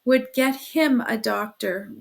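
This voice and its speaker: A woman narrating a classic novel as an audiobook reader, expressive, giving the quoted lines their own voices. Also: fairly high pitch, slow, vocal fry. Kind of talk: scripted narration.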